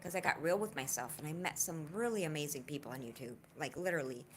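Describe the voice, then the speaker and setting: Speaking quickly in a low voice over slight background noise, a woman hosting a casual livestream addresses her viewers earnestly and personally. She's heartfelt, confiding and warm with them, then becomes lively, laughing and joking with the chat.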